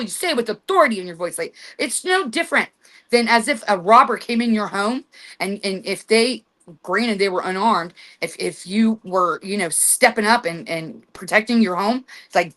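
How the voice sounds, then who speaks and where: A woman's voice: medium pitch, lively intonation, normal speed, a bit bright. Chatty emphatic woman radio host. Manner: chatty, emphatic, acts out commands with authority. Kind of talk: casual instructional talk.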